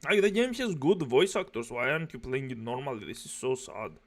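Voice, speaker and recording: A man's voice: medium pitch, animated, brisk. A man reacting to a stream, scornful and foul-mouthed, with a harsh delivery. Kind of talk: commentary.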